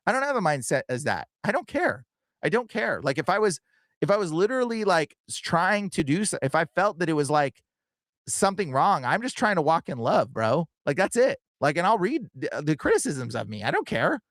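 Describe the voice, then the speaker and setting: Hosting a livestream podcast, a young man speaks quickly and earnestly in a casual style crowded with fillers and repeated "bro" and "like." His voice is fairly high and fairly bright, with big pitch swings and no room sound.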